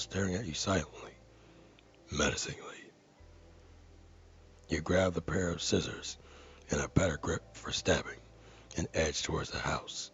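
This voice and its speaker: A man's voice: low voice, gravelly, dull audio. A man earnestly reading a viewer comment aloud, carefully and with dramatic stresses.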